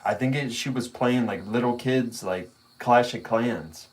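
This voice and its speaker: A man chatting casually on his own channel, mid-pitched and easygoing. He rambles through a story with frequent swearing, loose slang and small laughs. The delivery is unpolished and relaxed. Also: measured pace. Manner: laid-back rambling storytelling with profanity and laughter. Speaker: vlogger. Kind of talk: casual chat.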